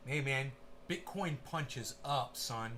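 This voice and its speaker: Excitable, profane man calling a live chart. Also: medium pitch, slow pace, a little hiss or hum. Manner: excitable, profane, talks straight to viewers. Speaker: crypto livestream host. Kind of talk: live market commentary to a chat.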